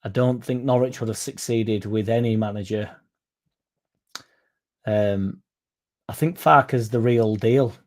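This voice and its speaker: A man's voice: on the low side, takes it slowly, pauses often, a little mellow. A young man hosting a fan stream, rambling casually, swearing now and then and reading out viewer comments. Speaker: fan channel host reading chat. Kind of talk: casual live-stream chat.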